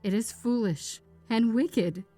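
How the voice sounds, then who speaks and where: A shaken old man speaking slowly, his voice low and trembling with fear, done by a woman narrating a horror tale. Faint music sits underneath. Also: warm tone, natural voice. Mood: fearful. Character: frightened old husband, shaken and fearful.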